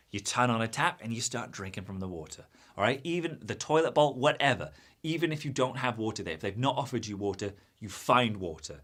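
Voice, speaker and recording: Young guy doing a fake lecture, bright crisp voice, deadpan nonsense, goes quiet then loud. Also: brisk. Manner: deadpan absurd advice, swings from hushed to booming. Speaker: comic lecturer. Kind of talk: improvised mock lecture. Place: green screen studio.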